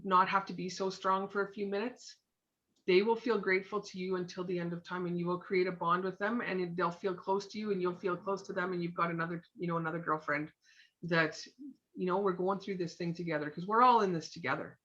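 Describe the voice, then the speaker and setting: A bright, forceful woman coaches a room in a chatty, encouraging way, slipping into quick acted-out moments. Her voice comes through muffled and dull, like a lo-fi recording. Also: on the low side, steady tone. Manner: chatty, encouraging, acts out little scenes. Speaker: sales team trainer. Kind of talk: live motivational coaching talk.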